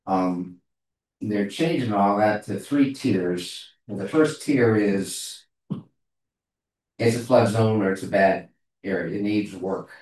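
A man in a casual meeting discussion, talking haltingly as he searches for words. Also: on the low side, a little mellow. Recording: echoey room, far from mic.

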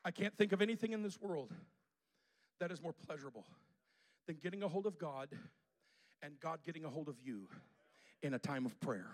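A male pastor preaching a sermon to a congregation in a church, using repetition and call-and-response. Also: fairly high pitch.

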